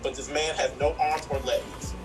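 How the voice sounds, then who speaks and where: A man's voice: mid-range voice, normal speed. A man co-hosting a live show, telling a joke in a laid-back, rambling way. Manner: laid-back storyteller, filler-heavy. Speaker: co-host. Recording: distant mic, music behind.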